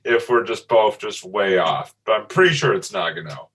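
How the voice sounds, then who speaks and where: A man co-hosting a casual sports history podcast, relaxed and easygoing with light jokes. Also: on the low side, moderate pace, breathy edge, poor audio. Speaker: podcast co-host.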